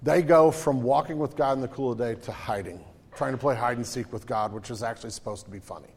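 Animated man preaching in a reverberant hall. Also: medium pitch, fast, breathy edge. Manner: conversational, animated, acts out voices in his stories. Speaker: pastor. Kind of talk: sermon.

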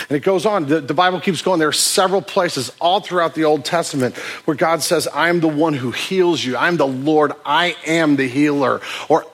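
Male pastor, sermon, slightly higher voice, chatty, stop-and-start phrasing. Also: fairly bright tone. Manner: conversational preaching with frequent restarts.

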